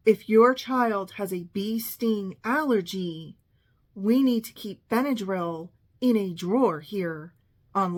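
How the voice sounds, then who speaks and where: Sarcastic middle-aged woman telling a story. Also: medium pitch. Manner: sarcastic, exasperated, quotes others in the story. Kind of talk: casual storytelling monologue.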